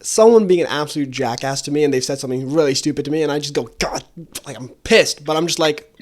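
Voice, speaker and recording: A young man with a somewhat higher-pitched voice hosts a podcast conversation. He talks casually and candidly, with loose slang. His delivery is informal and personal. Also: fast talker. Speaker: podcast host.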